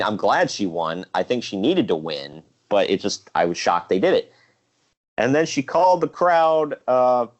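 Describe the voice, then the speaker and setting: A man co-hosting a casual wrestling podcast, ranting and joking and quoting people in mocking voices. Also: lowish voice. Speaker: podcast co-host.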